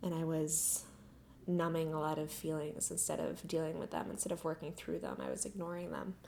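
A woman's voice: low-pitched, level tone, fairly quick, vocal fry, darkish tone, slight background noise. A young adult woman hosting a podcast, talking candidly and earnestly in a conversational way, a little out of breath. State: slightly out of breath. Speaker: podcast host. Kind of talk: personal reflective talk.

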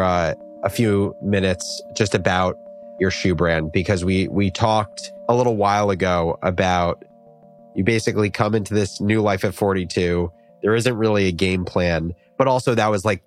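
A man hosting an interview, asking measured, thoughtful questions and adding short voice-over remarks. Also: on the low side. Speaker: interview host.

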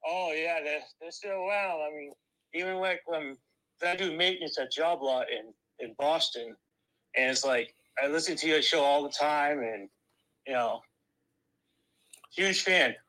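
A man's voice: on the high side, unhurried, sharp tone. A man calling in on a phone line, an eager fan who stammers as he talks. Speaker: caller.

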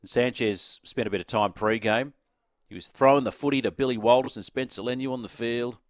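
A man's voice: mid-range voice, brisk, no echo, clean studio sound. A man with an Australian accent hosting talk radio, delivering an opinion editorial and repeating key phrases for emphasis. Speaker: radio sports host.

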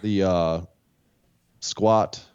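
A man's voice: low-pitched, fairly even intonation, drawn-out words, a little mellow, clean tone, no room sound, lo-fi sound. A man co-hosting his own podcast as a guest caller, friendly and easygoing in casual chat. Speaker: podcast co-host.

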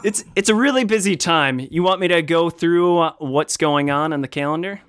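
A man co-hosting a casual podcast chat, playful and jokey with animated asides. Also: on the high side, moderate pace, clear, resonant tone, no room sound. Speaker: podcast co-host.

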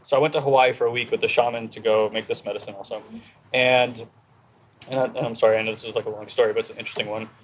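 A man telling a personal story at a brisk, rushing clip, animated and acting out his inner dialogue. His voice sits at an ordinary middle pitch, with a faint hiss underneath. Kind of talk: casual conversation, personal storytelling.

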